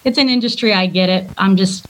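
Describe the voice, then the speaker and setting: A woman's voice: mid-range voice, a little fast, poor audio. Woman guest, chatty storyteller, self-deprecating, laughs often, podcast interview. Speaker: guest singer and former worship leader.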